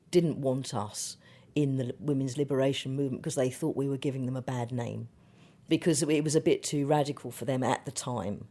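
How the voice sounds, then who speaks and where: A woman's voice: rumbling low, mellow. An older woman plainly recalling her past in a matter-of-fact way. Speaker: interviewee.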